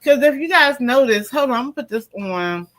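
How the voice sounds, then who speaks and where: A woman's voice: sits high, lively intonation, a little fast, rough recording. A woman hosting a casual live stream, talking straight to her viewers and to her pet. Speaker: tarot reader and live stream host. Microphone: computer or phone mic during a live stream.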